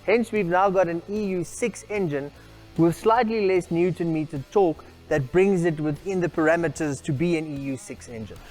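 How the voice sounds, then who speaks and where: A man's voice: a little high, normal speed, darkish tone. Male product presenter, formal and salesy, light background music. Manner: formal, salesy, addresses people by name. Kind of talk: scripted product walkaround.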